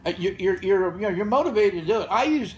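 A gym founder in his sixties, appearing as a podcast guest, tells casual stories in a blunt, profane, fired-up way. His voice sits high and is animated and quick, and the low-quality recording picks up the room ambience of a gym or studio.

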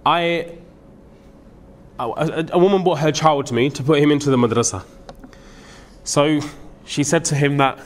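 In an expressive, slightly high voice, a man teaching at a madrasa gives a sermon-like lecture at a moderate pace, leaving long pauses. He is earnest and emphatic, moving between English and Urdu and bringing in Arabic quotations.

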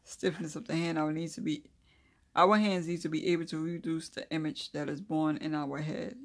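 Eine gravelly, slightly rough voice leads a relaxed calligraphy lesson. The host reads from notes, then drifts into loose, chatty asides and quiet mumbling while drawing letters. The delivery stays unhurried and homespun throughout. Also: medium pitch. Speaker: craft video host. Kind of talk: casual calligraphy tutorial.

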